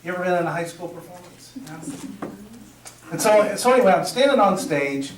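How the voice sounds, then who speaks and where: Energetic middle-aged male workshop trainer. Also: sits high, fairly quick, noisy background. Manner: energetic storyteller, acts out dialogue, laughs at own jokes. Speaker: presentation skills trainer. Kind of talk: live workshop talk. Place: meeting room with audience. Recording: roomy sound from a distance.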